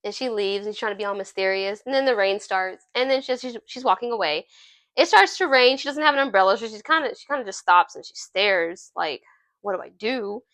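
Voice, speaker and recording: A young adult woman reviewing a film in casual chat, animated and chatty, often laughing as she retells scenes. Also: medium pitch, a little fast, no echo. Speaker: movie reviewer.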